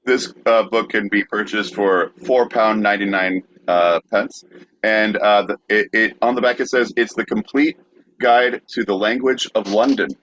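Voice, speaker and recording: A man with a lowish voice introduces a comedy podcast segment, stumbling through fillers as he reads aloud. The recording sounds dull and lo-fi, with the top end muffled. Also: fairly even intonation, normal speed, fairly bright tone. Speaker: podcast co-host. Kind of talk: casual comedic banter.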